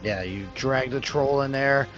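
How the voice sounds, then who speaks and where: A man's voice: medium pitch, measured pace, a bit bright, faint music behind. A man narrating as game master for a tabletop game, rambling, with many fillers and restarts. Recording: dull lo-fi audio.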